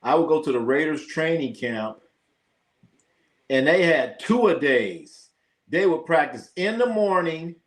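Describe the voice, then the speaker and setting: A man in the middle of the pitch range hosts a casual sports live stream. He rambles, swears freely and talks back to his chat as the messages come in. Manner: loose, profane, reacts to chat.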